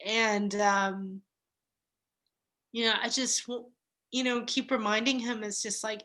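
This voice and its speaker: Woman in her thirties, unhurried and earnest, bright voice, gentle heartfelt conversation. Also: fairly high pitch, flat delivery. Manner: slow, reflective, with soft laughs and pauses. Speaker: guest. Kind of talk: casual heartfelt chat.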